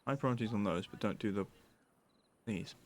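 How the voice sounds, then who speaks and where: A man's voice: fairly low pitch, normal speed, a little mellow, a little hiss or hum. Man muttering through a game stream. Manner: muttering, drifts into a silly pirate voice. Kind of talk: casual gameplay commentary.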